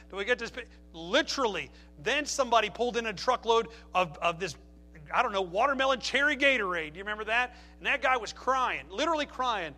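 A man's voice: very high-pitched, animated, fast talker, pushed and bright. A man preaching a sermon, telling stories with passionate emphasis. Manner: impassioned preaching with storytelling. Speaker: pastor.

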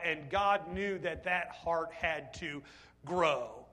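A male pastor preaching a sermon, speaking high in his range. His tone is bright and forceful, and he keeps firing questions at the congregation. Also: moderate pace. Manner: animated, rhetorical questions to the congregation.

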